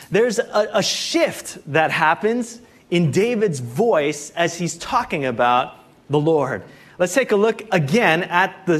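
Pastor, male, fairly high voice, relaxed chatty sermon delivery peppered with fillers. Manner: conversational preaching with frequent "you know" and "like".

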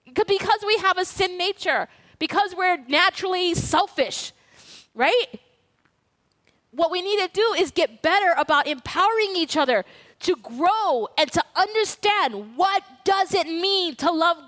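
A woman with a high voice preaches in a church sanctuary. She talks conversationally, tells a personal story and acts out both sides of the dialogue as she goes. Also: a bit bright, big-room sound. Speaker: pastor. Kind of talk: sermon.

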